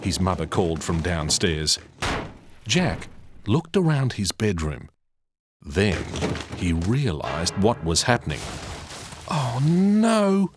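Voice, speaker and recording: A man narrating a children's read-along audiobook in a slow, expressive reading style. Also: deep voice, music in the background.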